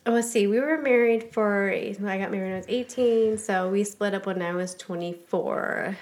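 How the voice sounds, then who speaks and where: A woman's voice: mid-range voice, normal speed, a little mellow. A woman speaking as a guest on a podcast interview, talking in a blunt, frank way and swearing freely.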